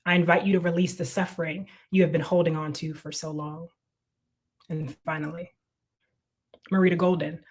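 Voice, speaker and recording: A woman serving as panel moderator, with a slightly low voice and a measured, formal delivery. She reads out a poetic introduction and then turns to her guests with questions. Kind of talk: reading an introduction and posing questions.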